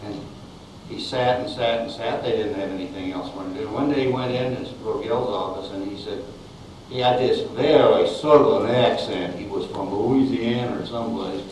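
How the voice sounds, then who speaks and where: A man's voice: lowish voice, normal speed, darkish tone. An older man, a film director, rambling through chuckling anecdotes about his old Westerns in an interview. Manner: chuckling, rambling storyteller with restarts. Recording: echoey room, far mic, background noise.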